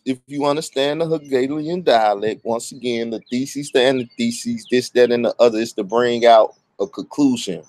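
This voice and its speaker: A man's voice: medium pitch, darkish tone, no echo. Blunt profane man with dry close mic. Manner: blunt, profane, stumbles over words. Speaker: online commentator. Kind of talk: casual profane monologue.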